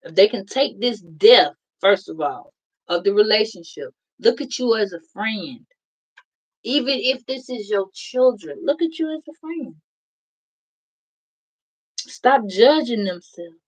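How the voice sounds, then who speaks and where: A woman's voice: medium pitch, lively intonation, unhurried, rough recording. Blunt, profane woman doing a tarot reading. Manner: blunt, profane, emphatic, addresses viewers directly. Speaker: tarot reader. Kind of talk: casual tarot reading to viewers.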